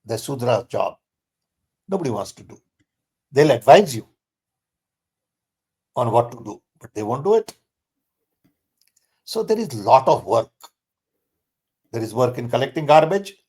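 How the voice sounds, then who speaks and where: An older man, speaking as a guest in a conversational Q&A. He talks emphatically and insistently, stressing points with sudden jumps in pitch. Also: sing-song, unhurried, pauses often, mellow, husky.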